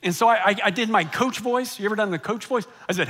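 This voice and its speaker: A middle-aged man, a pastor telling a personal story in a sermon, animated and swinging between loud and hushed. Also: sits high, quick pace, hardly any pauses, slight background noise.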